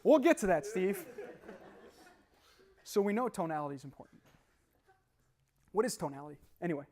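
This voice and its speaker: At a normal speed, a young motivational speaker hosts a live seminar, laughing and animated throughout. He has a slightly higher voice than most men and keeps turning to the audience with questions.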